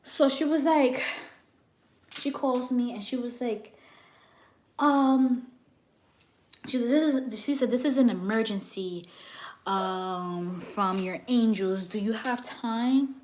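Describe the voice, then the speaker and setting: A young woman who works as a psychic reader, telling a story to her viewers in a brash, animated way and swearing freely. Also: a little high, slow, pauses often, a little hiss or hum.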